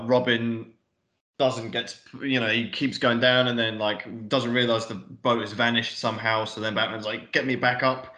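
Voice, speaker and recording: Bright-voiced man rambling about a film. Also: medium pitch. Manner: rambling, sweary, lots of fillers. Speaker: podcast co-host. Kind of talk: casual film review chat.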